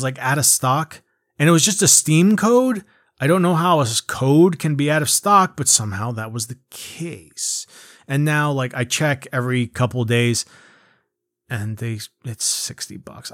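Guy ranting about games, swears a lot, rambling, mid pitch, dry close sound. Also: moderate pace, a bit bright, no room sound. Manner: rambling, profane, frequent fillers and restarts. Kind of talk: casual rant.

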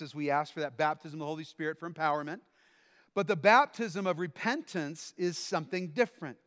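A man delivering a sermon from the pulpit with a high-pitched voice. He moves between calm teaching and sudden shouted outbursts. The sound rings out with the long reverb of a church hall. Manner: dynamic preaching, shouting quoted lines. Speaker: pastor.

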